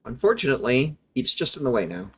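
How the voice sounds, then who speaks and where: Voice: mid-range voice, big pitch swings, fast, slightly rough. A streamer giving casual, chatty commentary over a factory-building game, explaining its mechanics with amusement.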